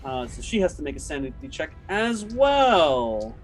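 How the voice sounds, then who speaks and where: A man running a tabletop horror game as game master, talking casually with many pauses and fillers. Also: on the high side, sing-song, soft background music, low-quality recording. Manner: casual, halting, lots of fillers.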